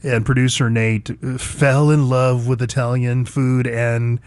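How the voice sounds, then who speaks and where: A man's voice: mid-range voice, level tone, a little slow, a little mellow. A man hosting a talk radio show, speaking bluntly and conversationally about the news and old times with his producer. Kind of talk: opinionated talk radio monologue.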